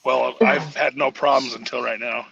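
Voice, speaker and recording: A man's voice: medium pitch, steady tone, normal speed, gravelly, highs cut off, a crowd in the background. A man joining a casual panel chat and cracking blunt, crude jokes.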